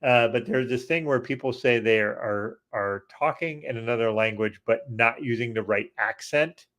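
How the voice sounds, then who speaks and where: A man co-hosting a podcast in casual chat, animated, swearing freely and laughing as he talks. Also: mid-range voice, moderate pace. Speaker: podcast co-host.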